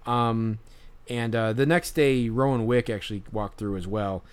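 A man's voice: lowish voice, measured pace, clear, resonant tone. A young man hosting a podcast, telling a story in casual chat with many fillers and restarts. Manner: rambling, many fillers and restarts, laughs along. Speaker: podcast host.

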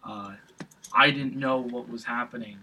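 A man's voice: mid-range voice, steady tone, measured pace, bright, forceful tone, slight background noise, low-quality recording. A young man telling a rambling, profane story in casual chat, full of fillers and restarts.

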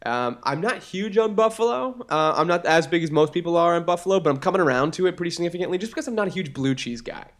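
A man's voice: sits high, fast talker, few pauses. A young man with a Boston accent, co-hosting a podcast, chatting casually and rambling with plenty of fillers. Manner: animated, rambling, lots of fillers. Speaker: podcast co-host. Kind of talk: casual chat.

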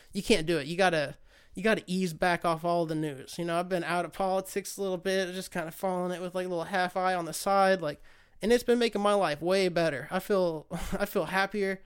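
A man's voice: high-pitched, clean tone. An American man hosting his own podcast, talking in a rambling, profane, fired-up rant. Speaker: podcast host. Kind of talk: casual solo rant.

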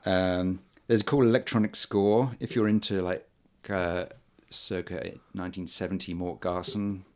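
A man in a casual podcast chat, talking haltingly with many ums and uhs and frequent chuckles. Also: low-pitched, steady tone. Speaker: podcast host reviewing old films.

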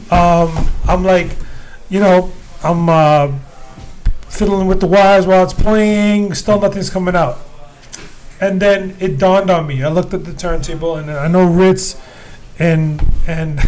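A man's voice: high-pitched, fairly even intonation, measured pace, a little mellow, a little hiss or hum. A man casually telling a long backstage story as a guest DJ, rambling with plenty of fillers. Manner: laid-back, rambling with fillers.

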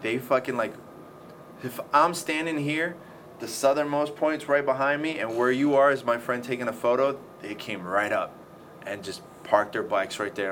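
A man's voice: fairly low pitch, fairly bright tone. A man telling a story in casual chat, swearing often and acting out the scenes. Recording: faint background noise.

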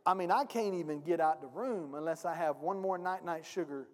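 Guy pastor preaching, high voice, big echo from the church hall, keeps talking straight to the crowd. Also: brisk. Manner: preachy, emphatic, addresses the congregation directly. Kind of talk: sermon. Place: church sanctuary. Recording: long reverb of a church hall.

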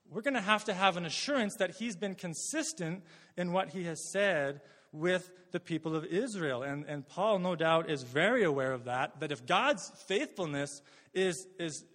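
A man's voice: high voice, expressive, moderate pace, fairly bright tone. Man preaching a sermon in a reverberant hall. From Canada. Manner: conversational preaching, frequent word repeats. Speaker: pastor.

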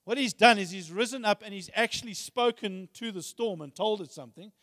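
A high, slightly bright male voice moves briskly through a sermon of studio quality, bathed in long hall reverb. He paraphrases scripture in everyday speech and reads passages aloud with growing force.

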